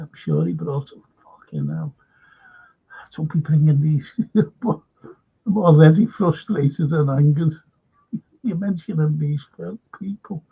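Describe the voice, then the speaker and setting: Creaky and husky, his voice sits toward the high end as this man runs a live fan channel show. He speaks with emphasis to viewers by name, going over the same points again and cursing along the way, all captured in dull lo-fi sound.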